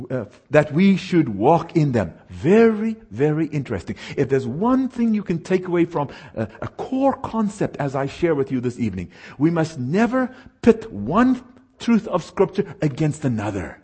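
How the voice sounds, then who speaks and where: A man preaching a sermon, slowing down to stress verses and asking the audience questions. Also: sits high, a little mellow, husky. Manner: emphatic, slows down to stress scripture, asks audience questions.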